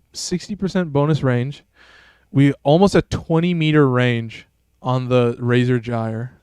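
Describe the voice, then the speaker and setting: A man's voice: medium pitch, a little mellow, clear, resonant tone, no room sound. A man streaming a game, chatting casually and rambling in a laid-back, slangy way. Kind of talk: casual gameplay commentary.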